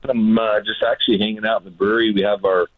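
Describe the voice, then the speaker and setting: A man who is a former pitcher, chatting as a radio guest and telling a story with lively acted-out voices. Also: fast talker, dry recording. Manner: animated storyteller, acts out voices. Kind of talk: casual radio chat. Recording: tinny phone line.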